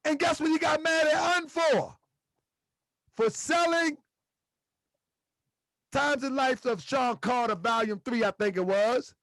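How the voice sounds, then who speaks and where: High-voiced man preaching to his chat. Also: slow, long pauses, fairly bright tone, no echo, clean studio sound. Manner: preachy, rhetorical questions, repeats phrases. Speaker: host. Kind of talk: livestream commentary to chat.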